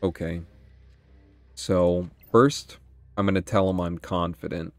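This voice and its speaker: Low-voiced man swearing through gameplay commentary. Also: slow, no echo, faint music behind. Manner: excitable, swears often, thinks aloud. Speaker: gaming channel host.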